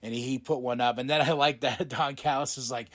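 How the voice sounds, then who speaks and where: A man hosting a podcast, casually recapping a show, excitable, laughing often and swearing freely. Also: mid-range voice, brisk. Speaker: podcast host.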